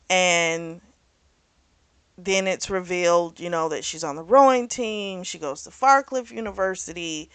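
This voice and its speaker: A woman's voice: lowish voice, a bit bright, clear, resonant tone, dry recording. A woman hosting a book club, casually recapping a story in a rambling, chatty way and often correcting herself. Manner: chatty, rambling, full of "like" and "you know"; self-correcting, loses track of names.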